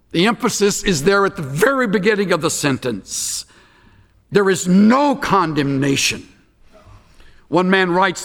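An older man preaches slowly in a gravelly, slightly high voice. He drops to near whispers and then rises to shouts as he tells his stories. A long reverb trails behind him in the large hall. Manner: storytelling, swings from hushed to shouting. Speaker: pastor. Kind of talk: sermon.

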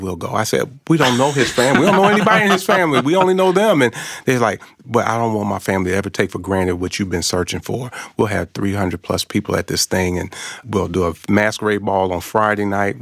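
A middle-aged man telling a personal story in conversation, animated and acting out the voices of others. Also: fairly low pitch, creaky, no echo, studio quality. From Arkansas. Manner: animated, acts out quoted voices. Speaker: guest.

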